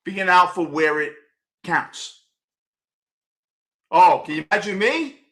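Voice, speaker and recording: A New York-accented man in his sixties hosts a fan postgame show, ranting bluntly and profanely and often shouting as he answers viewers' chat. His voice is high-pitched with lively intonation, and he speaks slowly.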